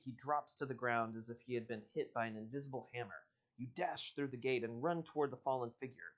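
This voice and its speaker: A man reads an interactive adventure book aloud on a live stream, steady and unhurried, breaking off now and then for offhand remarks. His voice sits at an ordinary middle pitch. The audio is dull and lo-fi, like a home stream. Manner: unhurried storybook reading. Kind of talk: live-streamed read-aloud with casual asides.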